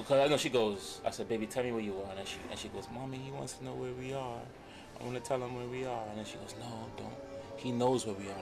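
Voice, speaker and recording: A gravelly, heartbroken estranged father, played by a man rambles through his story and slips into the voices of the people in it. Music plays clearly under his voice in this film scene. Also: on the low side. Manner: rambling, quotes others as he talks. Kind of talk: improvised film dialogue.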